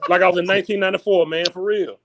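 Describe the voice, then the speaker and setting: A man's voice: high voice, fairly even intonation, racing, very noisy. A man hosting a casual livestream chat, laid-back and joking as he talks. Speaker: podcast host.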